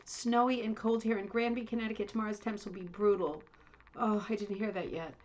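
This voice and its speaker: A woman's voice: medium pitch, fairly even intonation, a little fast, darkish tone. A middle-aged woman hosting a casual livestream chat from home, chatty, rambling and self-deprecating. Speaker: livestream host. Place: home, Indiana.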